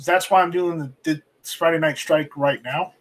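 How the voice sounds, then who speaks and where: A man hosting a casual live stream off camera, reading viewer chat aloud and talking in a halting, rambling way with many restarts. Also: on the high side. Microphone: home streaming mic, voice only, off camera.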